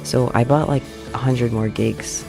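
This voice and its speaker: A man's voice: medium pitch, steady tone, a little slow, vocal fry. A young man telling a rambling story with frequent giggles while he draws, chatting casually on his channel. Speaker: artist streamer. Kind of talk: casual chat while drawing. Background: faint background music.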